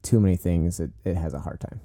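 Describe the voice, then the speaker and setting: A man's voice: sits low, fast, mellow. A young man co-hosting a podcast, rambling casually with lots of "like" and "you know". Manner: rambling, filler-heavy, many "like"s. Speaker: podcast co-host, nursing student. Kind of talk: casual chat.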